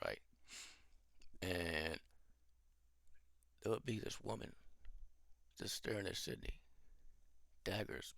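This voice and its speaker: A man casually rambling through his own film pitch as a channel host, thinking aloud as he goes. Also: gravelly, a bit bright, dry recording, clean studio sound.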